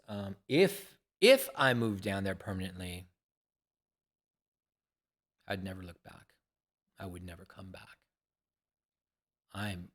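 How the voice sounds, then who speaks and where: A man's voice: fairly low pitch, vocal fry, fairly bright tone. An older man talking to camera in a casual, rambling monologue, hesitant and musing, often repeating himself. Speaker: gaming vlogger.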